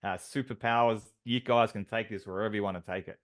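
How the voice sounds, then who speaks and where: A man's voice: lowish voice, fairly even intonation, fast. Chatty man announcing team awards. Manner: enthusiastic, filler-heavy, driving metaphors. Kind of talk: upbeat team call.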